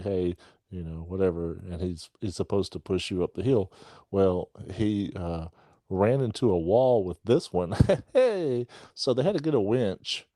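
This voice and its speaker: In a low, dark voice on a dry recording, a male podcast co-host tells rambling, jokey stories and laughs often during casual, joking chat.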